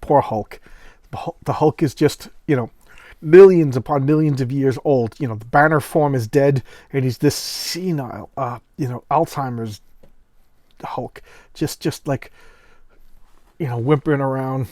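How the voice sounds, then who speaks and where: A man hosting casual comic book commentary, retelling a story in an animated, rambling way. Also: mid-range voice, unhurried, dry recording, studio quality.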